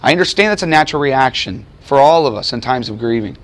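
A man preaching a sermon, teaching a Bible passage with emphatic rhetorical questions and deliberate slowing for emphasis. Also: mid-range voice, animated.

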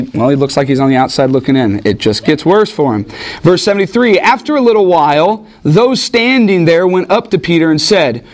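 A man preaching a Bible study in an animated, joking way, asking his listeners questions. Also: fairly high pitch. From United States. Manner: animated, jokey asides, asks the room questions. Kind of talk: teaching sermon with audience questions.

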